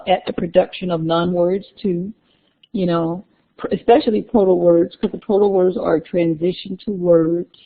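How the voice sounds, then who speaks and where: A woman giving a classroom lecture, unhurried, repeating key terms and adding chatty asides to her students. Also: on the low side, creaky. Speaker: university lecturer. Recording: tinny lo-fi lecture recording.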